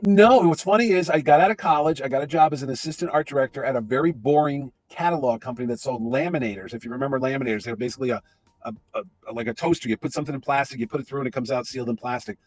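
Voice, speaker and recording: A man in his fifties, an interview guest, telling an animated anecdote. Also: mid-range voice, dry recording, soft background music. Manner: animated, fast-talking storyteller. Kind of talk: storytelling anecdote.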